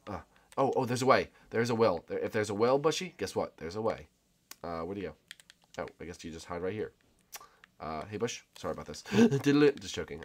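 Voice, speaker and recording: A man giving casual, jokey gameplay commentary as a video host, often bursting into loud excited cries. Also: lowish voice. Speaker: gaming YouTuber.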